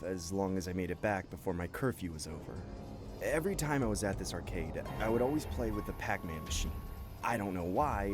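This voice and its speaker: A man reading scary stories aloud in first person at a steady pace, with a few asides of his own. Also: sits low. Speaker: horror story narrator. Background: faint music.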